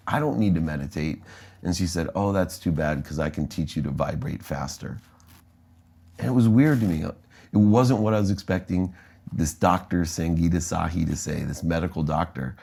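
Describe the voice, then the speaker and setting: An American man, a guest in an interview, telling an animated story about his life and acting out the dialogue. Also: sits low, moderate pace, vocal fry, slightly rough. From United States.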